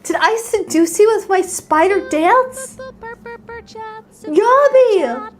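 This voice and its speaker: A young woman streaming live, her voice bright and high, leaping all over the place. She is excitable and quick to squeal or giggle, chatting casually with her audience. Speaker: VTuber streamer.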